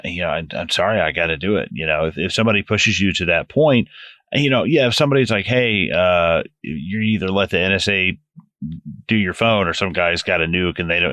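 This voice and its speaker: A man's voice: deep voice, no room sound, studio quality. A man co-hosting a film podcast, chatting casually and animatedly, swearing now and then. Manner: animated, swears casually, reads listener comments. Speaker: podcast co-host. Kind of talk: casual chat.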